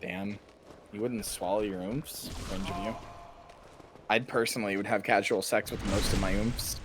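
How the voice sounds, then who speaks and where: Man with crude deadpan humor, noisy recording. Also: fairly low pitch, moderate pace. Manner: crude, deadpan dark humor with teasing tangents. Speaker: co-host of a game stream. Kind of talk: casual chat while playing a game.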